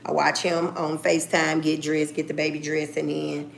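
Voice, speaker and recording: A woman's voice: deep voice, level tone, normal speed, creaky, a little hiss or hum. A middle-aged woman telling a story casually and bluntly, with plenty of swearing, acting out her phone calls. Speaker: vlogger.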